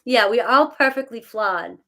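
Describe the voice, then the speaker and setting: A woman's voice: a little high, moderate pace, gravelly, a bit bright. A middle-aged woman chatting casually with her live viewers, self-mocking, laughing often and thanking them by name. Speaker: tarot reader talking to live chat. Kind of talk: casual live-stream chat.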